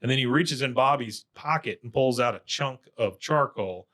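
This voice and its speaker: Male podcast co-host, chatty recap delivery, drops quick character quotes, mid-pitched. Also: sharp tone. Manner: retells scenes with quick quoted impressions, laughs along. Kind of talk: casual chat recapping an episode.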